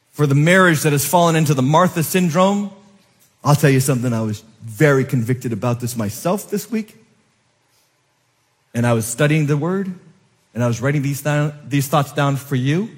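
Pastor guy preaching in a church, kinda high voice, big reverb tail, goes loud then quiet. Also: expressive, moderate pace. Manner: swings from loud emphatic peaks to soft low asides; preaches with repeated rhetorical questions to the congregation. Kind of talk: sermon. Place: church sanctuary. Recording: long hall reverb.

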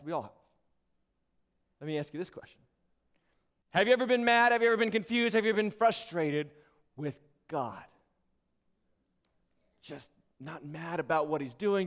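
A man preaching a sermon as pastor, asking rhetorical questions and joking with the congregation in a church. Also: high-pitched. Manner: animated, rhetorical questions, playful asides to the congregation. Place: church sanctuary.

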